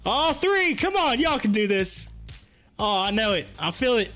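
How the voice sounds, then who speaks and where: Excited high-voiced man chatting on a livestream. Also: a little slow, faint music behind. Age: adult with kids. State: hoarse, losing his voice. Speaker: livestream host reading chat. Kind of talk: casual livestream chat.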